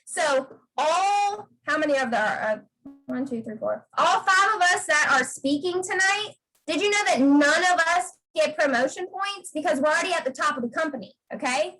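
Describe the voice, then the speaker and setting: Casting note: high-pitched woman, emphatic motivational speaker on a video call. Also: expressive, normal speed, a bit bright, low-quality recording. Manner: emphatic, repeats "okay?" to drive points home. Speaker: guest speaker on a sales team video call. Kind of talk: motivational pep talk.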